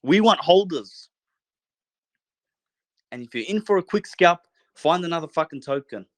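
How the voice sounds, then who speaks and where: A man's voice: a little high, animated, a little slow, no room sound. A man hosting a podcast late at night from a bedroom in a holiday house, giving a fervent, profane, rallying monologue to his listeners. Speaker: podcast host.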